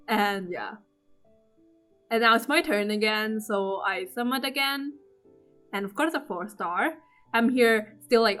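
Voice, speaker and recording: A woman recapping her game pulls in casual commentary, excitable and swearing, acting out her own squeals. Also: fairly high pitch, normal speed, soft background music. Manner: trails off with fillers and restarts. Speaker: gaming vlogger. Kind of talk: casual gaming commentary over gameplay.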